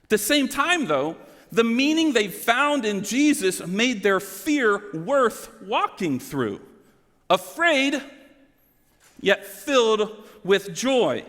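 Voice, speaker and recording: Emotional high-voiced man preaching in a hall. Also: a bit bright. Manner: emotional, earnest preaching with dramatic swings in pitch. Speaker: pastor. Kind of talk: sermon. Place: church sanctuary. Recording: long hall reverb.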